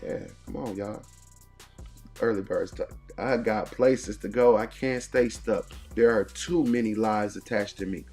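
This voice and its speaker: A man's voice: fairly low pitch, a little slow, darkish tone, soft background music. Preachy motivational man, punchy cadence. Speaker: motivational morning show host. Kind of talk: motivational talk.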